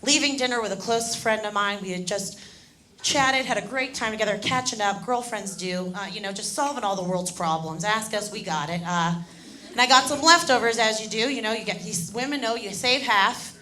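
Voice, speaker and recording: A woman performing a stand-up comedy set on a club stage, telling stories in an animated way and acting out the people in them. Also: medium pitch, normal speed, a little hiss or hum. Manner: animated storytelling, acting out drunk voices.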